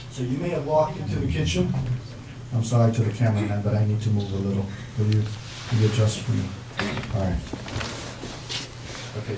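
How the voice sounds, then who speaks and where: A man presenting a parenting workshop, talking with his audience and acting out the lines of parents and children. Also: mid-range voice. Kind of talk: interactive workshop talk. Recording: echoey room, mic at a distance, background noise.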